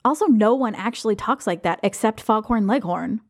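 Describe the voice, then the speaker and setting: A woman hosting a casual movie review podcast, quick-witted and wry as she steers the talk. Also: a little high, expressive. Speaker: podcast host.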